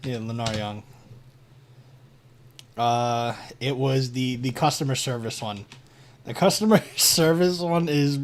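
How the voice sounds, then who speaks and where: A man's voice: medium pitch, slow pace, long pauses. A man streaming, chatting casually and swearing at his computer. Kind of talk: casual live-stream chat.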